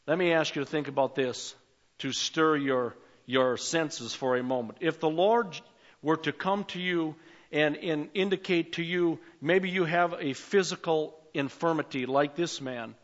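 An older man preaching a sermon as pastor, swinging between emphatic calls and quiet asides. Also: a little high, a little slow, muffled recording.

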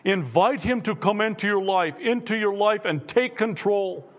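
A pastor with a notably high-pitched voice delivers an earnest sermon, hammering home repeated questions to his congregation. His voice carries through a church sanctuary with a long, lingering echo. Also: moderate pace.

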